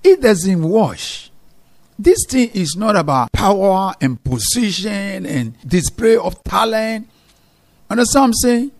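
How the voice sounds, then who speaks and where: A male pastor delivering a sermon in a fairly high-pitched voice. He preaches emphatically, rising to loud exhortations and then dropping low and quiet to drive a point home.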